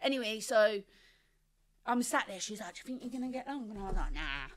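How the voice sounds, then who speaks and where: A woman, telling her life story as a guest on an interview show in animated, slangy talk, acting out the people she quotes. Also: medium pitch, brisk. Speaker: podcast guest.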